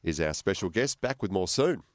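A man hosting a radio interview, attentive and quick with short affirmations. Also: low voice, lively intonation, over loud music. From Australia. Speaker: radio host.

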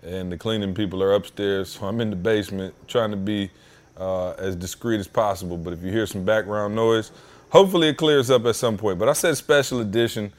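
Talking fairly quickly in a lowish voice, this man runs a podcast out of his home basement. The story he tells is long and relaxed, packed with slang, and he animatedly plays the different people's dialogue himself.

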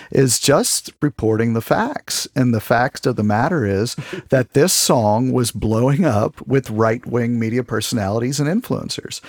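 Animated male music journalist. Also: medium pitch, gravelly, breathy edge, no room sound, clean studio sound. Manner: animated, rising to emphatic questions. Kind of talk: podcast conversation.

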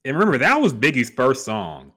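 Man co-host, bright sharp voice, loose animated music chat. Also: medium pitch, a little fast. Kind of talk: casual chat about music.

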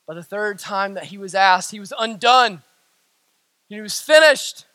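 A man with a Southern US accent preaching a sermon as a pastor, swinging from shouted lines to hushed, quiet ones. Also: high-pitched, a little slow, no echo. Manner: dramatic swings from shouting to hushed near-whispers.

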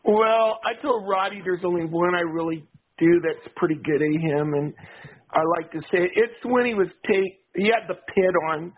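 A man calling in to a radio show, chatting casually in a rambling, halting way. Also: sits high, slightly rough. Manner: rambling, halting, full of restarts and filler. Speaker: caller. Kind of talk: casual call-in chat. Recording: tinny phone line.

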